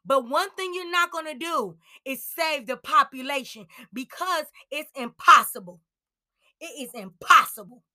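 A young woman hosting a podcast, ranting in anger, yelling and swearing. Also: high voice, lively intonation, measured pace. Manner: yelling, heated, profane. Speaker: podcast host. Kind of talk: angry personal rant.

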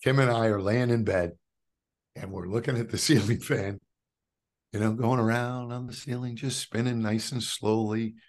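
A middle-aged man from New York, a podcast guest telling his personal faith testimony as an animated storyteller who calls the host brother. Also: medium pitch, normal speed. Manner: animated storyteller who acts out quoted dialogue.

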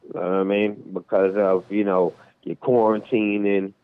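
A man's voice: lowish voice, flat delivery, moderate pace, smooth. A man co-hosting a casual podcast chat, laid-back and hesitant, full of fillers. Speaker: podcast co-host. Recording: tinny phone-like line.

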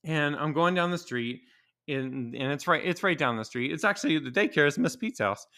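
High, lively, profane ranting man. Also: normal speed. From Maryland. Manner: profane, opinionated ranting with laughs. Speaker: podcast host. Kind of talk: solo podcast monologue.

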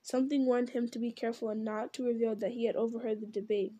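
A woman narrates a fantasy tale in a measured, steady reading voice. Her pitch sits a little high, yet her tone is dark and mellow. She keeps an even, flat contour throughout. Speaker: reader. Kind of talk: storybook narration.

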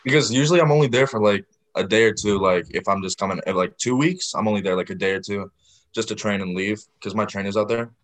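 A man's voice: on the low side, quick pace. A young man guest, chatting loosely and rambling through his answers. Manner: relaxed, rambling with fillers. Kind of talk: casual chat.

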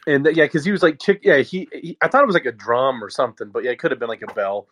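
A man's voice: medium pitch, very fast, fairly bright tone. Male co-host, casual and emphatic interjections, mid-range voice. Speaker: podcast co-host. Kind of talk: casual chat.

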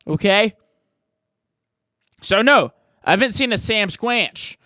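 A man with a voice pitched a bit high runs his podcast in a loose, rambling, cussing ramble. The sound is bone-dry and close to the mic. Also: animated, slow, no echo. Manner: rambling, profane, jokey and loud. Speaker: podcast host answering voicemails. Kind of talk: casual podcast chat.

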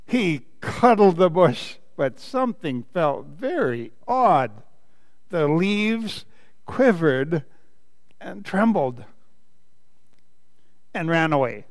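A man, a pastor, reading a children's story aloud during a sermon, animated and playful with laughing asides. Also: fairly high pitch, very slow, pauses often, long reverb tail.

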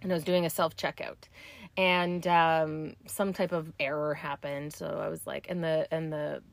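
A woman chatting casually, telling stories with many fillers and putting on animated voices for the people she quotes. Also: low voice, moderate pace, vocal fry, dry recording. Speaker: client sharing stories. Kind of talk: casual chat.

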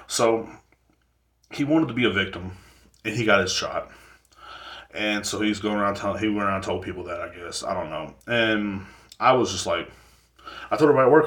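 A man's voice: fairly low pitch, moderate pace, pauses often, roomy sound. A man hosting a podcast, telling a story in a rambling, profane, joking way and acting out both sides of an argument. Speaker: podcast host. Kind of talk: casual storytelling monologue.

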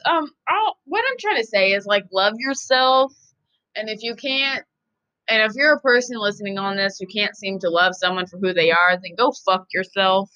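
A woman's voice: fairly high pitch, sharp tone, clean tone. Woman, podcast host, casual monologue, profane, emphatic, rambling, dull lo-fi sound.

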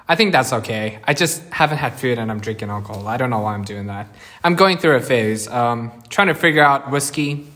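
A man's voice: medium pitch, a bit bright. A man hosting a casual solo podcast from a bigger indoor room, rambling and self-deprecating, often chuckling as he talks. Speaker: podcast host.

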